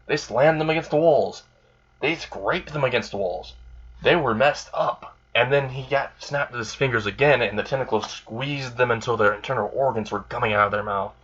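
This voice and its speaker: Guy rambling thru a made-up fan story, mid pitch, kinda dull lo-fi sound. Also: normal speed, fairly bright tone, breathy edge. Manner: rambling, full of "like" and "you know". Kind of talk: casual improvised fan story narration.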